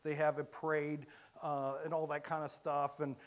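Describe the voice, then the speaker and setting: A man from Illinois preaching a sermon, telling a story with many halting restarts. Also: on the high side, flat delivery. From Illinois, USA.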